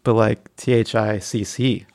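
A man with a mid-pitched, strongly gravelly voice co-hosts a loose podcast chat. He jokes in a deadpan way and often stammers and restarts his sentences. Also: unhurried. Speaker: podcast co-host. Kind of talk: casual chat.

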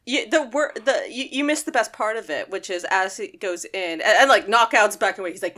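A woman co-hosting a podcast, talking in loose, rambling casual chat. Her voice is bright and sharp, and she restarts her sentences often. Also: mid-range voice, brisk, few pauses. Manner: rambling, restarts, animated asides. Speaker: podcast co-host.

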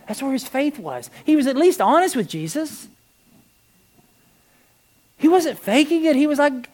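Pastor, sermon, church service, animated, quiet-to-loud swings, repetitive emphasis. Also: high-pitched, moderate pace. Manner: repeats words when building a point.

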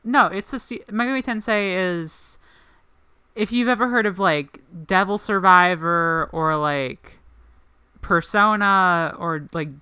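A woman's voice: on the low side, sharp tone, clear, resonant tone, no echo. A woman co-hosting a podcast in casual chat, rambling with lots of "like" fillers. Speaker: podcast co-host.

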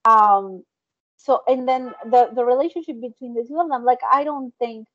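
A woman's voice: fairly high pitch, normal speed, fairly bright tone, no room sound. A woman co-hosting a podcast over a remote call, talking things through thoughtfully in casual chat. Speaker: podcast co-host. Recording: dull dry lo-fi call audio.

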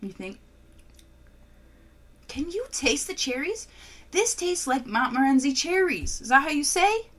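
A woman's voice: high voice, sing-song, a little slow, pauses often, fairly bright tone. Playful woman chatting over beer. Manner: playful, swearing, laughs often. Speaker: co-host tasting beer. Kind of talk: casual chat.

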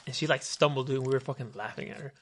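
A young podcast co-host tells a long story in casual chat, speaking very fast in a mid-range voice. He rambles and swears, dropping plenty of "dude" and "hella".

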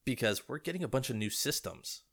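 A man's voice: medium pitch, lively intonation, a little fast, fairly bright tone. A man co-hosting a casual podcast, agreeing and adding his own complaints. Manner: agreeable, chiming in with short backing remarks. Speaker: podcast co-host.

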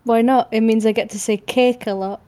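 A woman with a Northern English accent, co-hosting a podcast in a relaxed, easygoing chat. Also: a little high, brisk. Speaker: podcast co-host. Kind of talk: casual chat.

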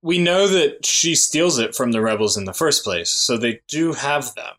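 A man's voice: medium pitch, animated, normal speed, a bit bright. Agreeable man co-hosting a podcast. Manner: agreeable, laughs along, argues points in order. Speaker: podcast co-host. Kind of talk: casual chat.

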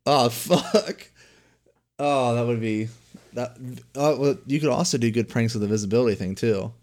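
A man's voice: mid-range voice, fairly even intonation, brisk, darkish tone. A young man co-hosting a podcast in casual chat, rambling with lots of filler words and swearing. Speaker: podcast co-host.

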